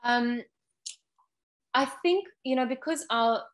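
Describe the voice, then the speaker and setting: A woman's voice: high voice, takes it slowly. A woman, a guest on an interview, earnestly explaining an ocean education program step by step.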